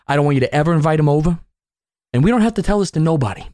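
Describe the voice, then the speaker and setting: A man voicing his stern, angry middle-aged father scolding his son in a gruff, exasperated way, in a storytime video. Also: fairly high pitch, lively intonation, racing, a little mellow, no room sound, studio quality, voice pushed down, close to an everyday voice.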